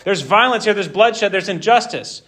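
Animated, higher-voiced man preaching. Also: normal speed. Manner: animated, conversational, dramatizing. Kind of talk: expository sermon.

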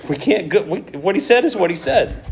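A man preaching a conversational Bible teaching, who acts out the dialogue with animated asides. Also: high voice, fairly quick, creaky, a crowd in the background.

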